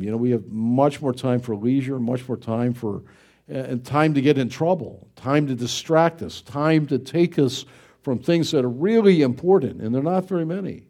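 A man's voice: medium pitch, warm tone. A middle-aged man from the United States, preaching in a folksy, conversational way with many rhetorical questions. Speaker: pastor. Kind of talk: sermon.

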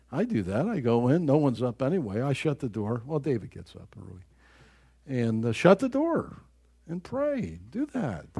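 Middle-aged guy pastor giving a sermon, kinda high voice, really lively up and down. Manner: animated, storytelling, acts out voices in anecdotes.

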